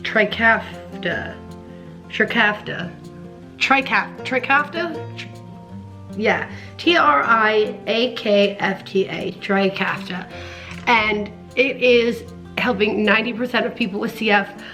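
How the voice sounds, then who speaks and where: A woman's voice: medium pitch, slow, bright, forceful tone, soft background music. Earnest young woman vlogging at home. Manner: earnest, emotional, rambling with restarts. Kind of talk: casual personal vlog.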